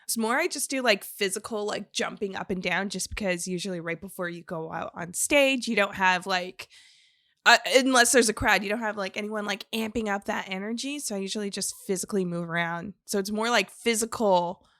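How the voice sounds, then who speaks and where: A young woman co-hosting a podcast in casual chat, giggly, animated and rambling. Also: medium pitch, a little fast, dry recording, studio quality. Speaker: podcast co-host.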